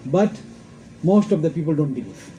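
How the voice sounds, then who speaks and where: Emphatic man preaching, dark voice. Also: fairly high pitch, very animated, moderate pace, slight background noise, poor audio. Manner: emphatic, repeats points, quotes Arabic verses; asks rhetorical questions. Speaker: Islamic scholar giving a talk. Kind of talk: religious lecture.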